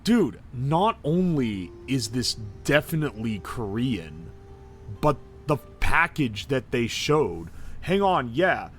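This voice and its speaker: A man streaming a game live, reading out ingredient lists and swearing in loud disbelief, then making himself talk calmly. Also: medium pitch, slow, faint music behind. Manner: excitable and profane, swearing and yelling in disbelief. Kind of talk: live-stream gaming commentary.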